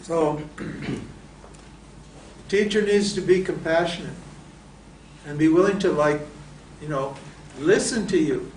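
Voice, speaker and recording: A man's voice: a little high, takes it slowly, long pauses, darkish tone, slight background noise. A man teaching spiritual texts, asking his students rhetorical questions and then answering them himself. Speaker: Vedanta teacher. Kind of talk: lecture to students. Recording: roomy echo from a distant mic.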